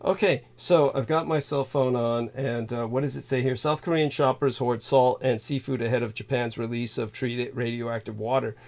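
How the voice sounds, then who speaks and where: A man hosting a livestream, rambling through thanks with many halting fillers, laughing suddenly and swearing now and then. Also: medium pitch, steady tone, darkish tone. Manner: halting, filler-heavy, reads donor thanks aloud. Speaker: livestream host.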